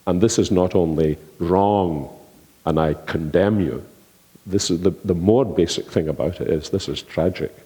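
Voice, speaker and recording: A man's voice: sits low, normal speed, few pauses, warm tone. A Scottish man speaking thoughtfully on a theology panel, with a dry sense of humor. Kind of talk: panel discussion. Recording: long hall reverb.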